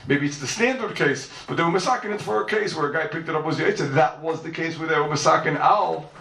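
A man teaching a Talmud class, his voice rising into sing-song rhetorical questions. His voice is gravelly, and he stands back from the mic in a roomy, echoing space. The delivery is animated and argumentative. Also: fairly high pitch. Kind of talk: yeshiva-style Talmud lecture. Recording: echoey room, speaker far from mic.

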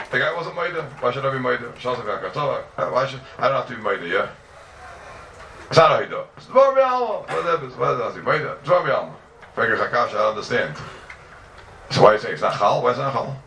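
Bright, fast-talking male teacher. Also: medium pitch, roomy sound, distant mic, a little hiss or hum. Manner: emphatic, fires off rhetorical questions. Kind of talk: lively classroom lecture on religious texts.

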